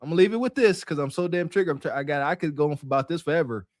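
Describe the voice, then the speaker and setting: Middle-aged male podcast co-host, high-pitched, animated preachy delivery. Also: very fast, no room sound, studio quality. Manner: animated, preachy, laughs often. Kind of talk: casual chat reacting to clips.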